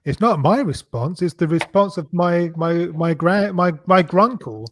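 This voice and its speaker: A man's voice: high-pitched, expressive, a little hiss or hum. A man hosting a casual online panel chat, hesitant and full of ums. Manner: slow, hesitant, many ums. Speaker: show host.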